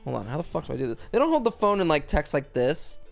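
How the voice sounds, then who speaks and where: A man's voice: a little high, very animated, fast talker, vocal fry, faint music behind. A young man streaming a video game, chatting casually in a rambling, crude and joking way, full of swearing. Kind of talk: casual gaming stream chat.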